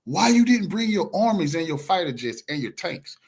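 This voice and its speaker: A man's voice: a little high, big pitch swings, normal speed, a little mellow, breathy edge. A man commenting on a news clip with emphatic, mocking interjections. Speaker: reacting commentator.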